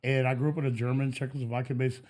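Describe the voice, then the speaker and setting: A man's voice: medium pitch, little pitch movement, very fast, a little mellow. A man, a podcast guest, telling laid-back stories in casual chat and laughing often. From Texas.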